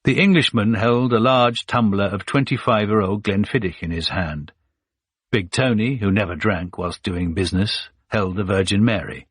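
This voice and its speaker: A man reads an audiobook in a very low voice with a husky grain. He tells the story at a steady, measured pace. The sound is dry and close, with no room around it. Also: no echo. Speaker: audiobook narrator. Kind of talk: scripted audiobook narration.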